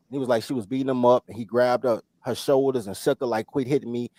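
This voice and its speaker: Animated man, gravelly voice, dry sound. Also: medium pitch, fast talker, dry recording. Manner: animated, loud shouting when quoting himself, profane. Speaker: podcast host. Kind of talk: casual storytelling.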